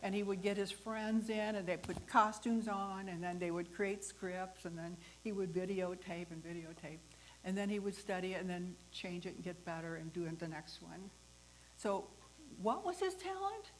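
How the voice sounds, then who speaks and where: A woman hosting a talk, telling a personal story in a lively way, acting out the voices of the people in it and laughing often. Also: fairly low pitch, moderate pace, a little hiss or hum, low-quality recording. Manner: animated, acts out the voices in her story. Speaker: host.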